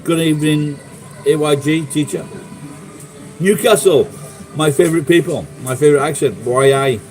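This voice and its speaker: Middle-aged man, Sheffield accent, dark mellow voice, rambling sweary livestream chat, faint music behind. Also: on the high side, normal speed, rough recording. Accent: Sheffield English. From England. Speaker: livestream host. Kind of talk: casual live chat.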